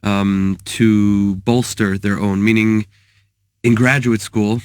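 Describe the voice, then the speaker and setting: A man, a therapist and author, talking in a thoughtful, halting way and mixing in Hebrew terms. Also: on the low side, little pitch movement, a little mellow, smooth, dry recording, clean studio sound. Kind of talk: casual talk with teaching.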